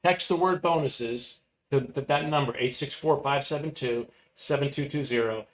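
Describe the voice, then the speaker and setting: A man coaching an online masterclass, energetic and emphatic, repeating his key phrases. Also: mid-range voice, moderate pace, slight background noise. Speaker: motivational coach. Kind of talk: live online masterclass teaching. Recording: roomy echoey room with faint ambience.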